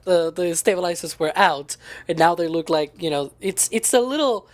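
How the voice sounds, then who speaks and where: A woman's voice: on the low side, lively intonation, moderate pace. A woman co-hosting a livestream, loosely explaining something with many restarts. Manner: rambling, gesturing, laughing explanation. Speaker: livestream co-host. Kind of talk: casual chat.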